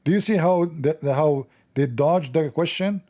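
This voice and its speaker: A man's voice: on the high side, moderate pace, warm tone. A man hosting a mocking religious commentary show, sarcastic and scornful, in broken English. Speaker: host.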